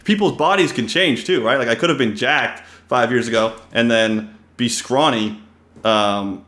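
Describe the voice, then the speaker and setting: A man hosting a podcast in casual interview chat, animated and blunt, swearing freely and filling his talk with "like" and "you know". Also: medium pitch, moderate pace, echoey room. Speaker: podcast host. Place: home office.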